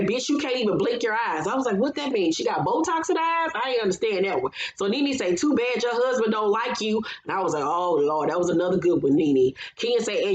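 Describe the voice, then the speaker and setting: A woman recapping a reality TV episode in a blunt, sassy, heavily profane casual style. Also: fairly high pitch. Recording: roomy, slightly dull recording.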